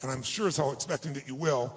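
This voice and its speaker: A man giving a motivational speech and telling a personal story to an audience. He sounds heartfelt, slows down for emotional moments, and turns persuasive and rallying. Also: medium pitch. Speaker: motivational speaker.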